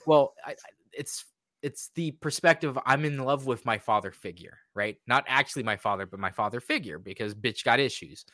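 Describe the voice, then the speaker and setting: A young man chatting casually on a podcast, sarcastic and animated, often acting out characters in mocking voices. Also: mid-range voice, moderate pace, no echo, clean studio sound. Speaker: podcast co-host.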